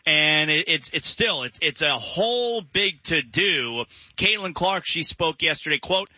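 A man's voice: fairly high pitch, expressive, a little slow, pushed and bright, no echo. A man hosting a sports radio show in casual chat, rambling and restarting his sentences. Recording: dull lo-fi broadcast sound.

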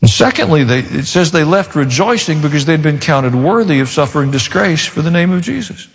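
A man preaching a sermon as pastor, with sudden rises and quiet asides. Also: fairly high pitch, expressive, fairly quick. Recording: long reverb of a large hall.

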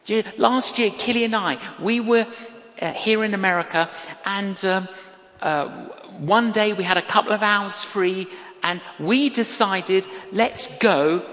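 An older woman preaching a sermon, telling stories from her own life in an emphatic, measured way. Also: mid-range voice, big-room sound. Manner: slow, emphatic preaching with lively storytelling. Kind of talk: sermon with storytelling.

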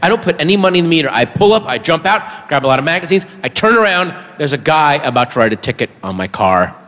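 Man, stand-up comedian, lively swooping voice, shouted punchlines, live hall echo, faint crowd. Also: fairly high pitch, fast. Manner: animated, bursts into shouting punchlines. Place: large hall with audience.

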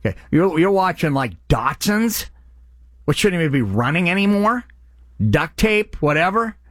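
A man's voice: high-pitched, sing-song, normal speed, a bit bright, no room sound, studio quality. A man hosting a radio charity appeal, speaking in an earnest, impassioned way. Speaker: radio host.

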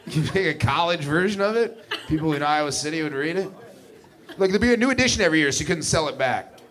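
A man's voice: a little high, animated, fast, crowd noise. A man doing a wry, conversational stand-up set with sarcastic asides. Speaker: stand-up comedian.

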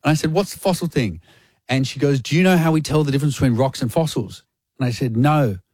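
A man's voice: medium pitch, quick pace, husky, dry recording. A man hosting breakfast radio, telling a story in a casual chat and acting out the voices of the people in it. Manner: animated, acts out quotes. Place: radio studio.

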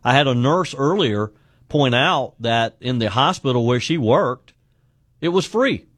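Talk radio host with a dry studio sound. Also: male voice, medium pitch, expressive, unhurried, fairly bright tone, no room sound. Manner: conversational, repeats words when starting sentences.

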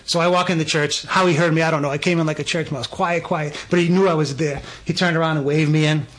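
A middle-aged man telling a personal story in a casual conversation, earnest and emphatic, getting animated when he quotes people. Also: on the high side, quick pace.

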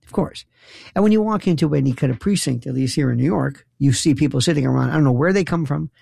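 Gravelly sarcastic man ranting. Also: fairly high pitch, fast, darkish tone, dry recording. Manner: sarcastic, rambling, incredulous rhetorical questions. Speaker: talk show host, former prosecutor. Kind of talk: opinionated comic monologue. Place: New York.

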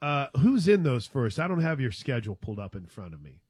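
A man's voice: medium pitch, sing-song, fairly quick, darkish tone, husky, no echo. A man co-hosting a casual sports talk show, upbeat and teasing.

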